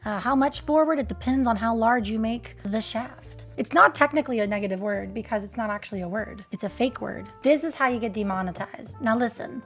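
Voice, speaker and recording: A woman's voice: fairly high pitch, brisk, few pauses, faint music behind. A young woman with a Texan accent, hosting a comedic latte art critique in a playful, teasing manner full of innuendo. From Texas. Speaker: latte art judge and host.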